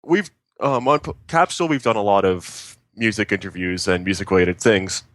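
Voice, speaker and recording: Young Canadian male co-host, low-pitched, hesitant and chatty, dry mic. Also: normal speed, a bit bright, dry recording. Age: young adult. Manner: hesitant, rambling with fillers. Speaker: podcast co-host. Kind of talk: casual chat.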